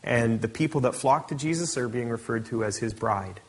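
A middle-aged male pastor preaching with a slightly husky voice. He reads scripture aloud, then explains it in an easygoing, conversational manner. His pitch sits in the ordinary middle range for a man. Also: normal speed, hardly any pauses. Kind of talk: sermon.

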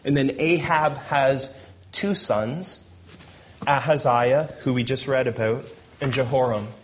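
Slow and medium-pitched, a man preaches from the Bible, pausing his scripture reading to crack jokes and chuckle.

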